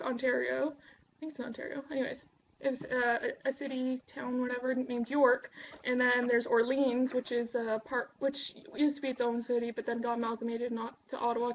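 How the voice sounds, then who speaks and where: A woman's voice: a little high, dull audio, slight background noise. A Canadian woman with a Canadian accent chatting casually to camera, rambling with lots of ums and uhs. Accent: Canadian English. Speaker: vlogger.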